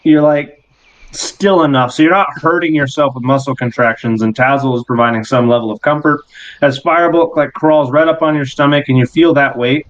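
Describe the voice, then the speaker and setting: Male game master, unhurried descriptive narration, dull lo-fi recording. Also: medium pitch. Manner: slow, descriptive narration with pauses. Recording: dull lo-fi sound.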